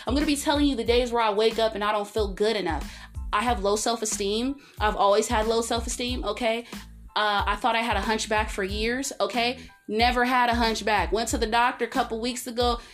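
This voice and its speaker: Woman podcast host, fairly high voice, jumps all over in pitch when she gets into it, soft music under her. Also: brisk. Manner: expressive, swings pitch and volume for emphasis, acts out quotes. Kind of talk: candid solo podcast monologue.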